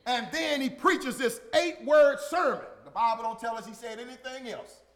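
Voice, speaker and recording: A man preaching a sermon, emphatic and repetitive, swinging from shouted lines to quiet murmurs. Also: very high voice, normal speed.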